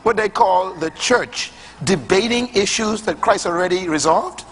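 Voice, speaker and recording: A man's voice: high voice, measured pace, a bit bright, slight background noise. A man preaching a sermon to a congregation, emphatic and rhythmic in his delivery and loose and colloquial in his phrasing.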